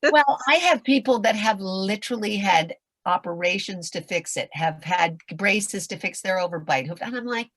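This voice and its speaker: An older woman with a raspy, nasal voice, giving a passionate motivational talk as a voice acting coach on a video call, swinging from loud to whispered. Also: medium pitch, lively intonation, moderate pace, few pauses, dry recording.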